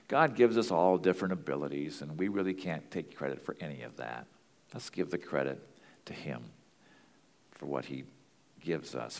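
A man's voice: extremely low pitch, creaky, in a large hall. A man teaching as a pastor and marriage counselor, earnest and plain-spoken in a conversational way.

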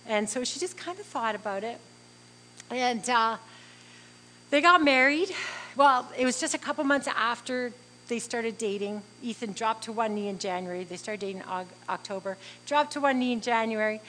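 A woman's voice: fairly high pitch, normal speed, fairly bright tone, a little hiss or hum, rough recording. A middle-aged woman telling a personal faith testimony in an earnest, heartfelt way, acting out bits of dialogue as she goes. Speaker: speaker sharing a faith testimony.

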